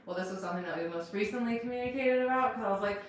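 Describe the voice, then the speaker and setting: A woman co-hosting a casual couple chat, expressive, swearing casually and laughing often. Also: mid-range voice, very fast. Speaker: podcast co-host. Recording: echoey room, distant mic, faint noise.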